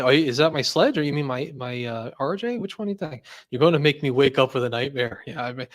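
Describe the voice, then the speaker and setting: A man's voice: mid-range voice, animated, fast talker, hardly any pauses. A man hosting his channel, chatting casually and joking at his own expense, with stammered restarts. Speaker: channel host. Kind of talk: casual chat.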